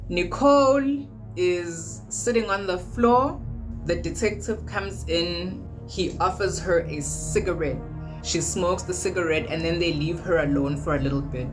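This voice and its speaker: Low-voiced woman telling a true crime story. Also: unhurried, over music, low-quality recording. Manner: conversational, retelling events plainly. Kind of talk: casual true crime narration.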